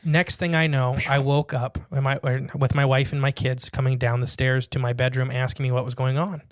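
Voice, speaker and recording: A man co-hosting a casual podcast, reading a listener's written story aloud and breaking in with quick jokes and asides. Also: mid-range voice, level tone, clear, resonant tone, no echo, clean studio sound.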